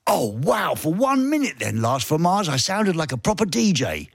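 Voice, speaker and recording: A man's voice: on the high side, wildly swooping pitch, moderate pace, gravelly, no echo, studio quality. A man hosting a radio show, chatty and jokey, often poking fun at himself. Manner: chatty, jokey, self-mocking. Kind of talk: casual radio banter and DJ links.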